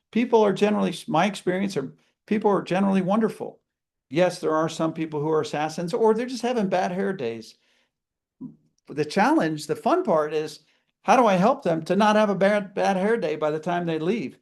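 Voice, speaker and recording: A man with a high voice teaches a live customer service seminar. He talks with energy and slips into short acted-out greetings to show how a phone call should sound. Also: expressive, a little fast, vocal fry.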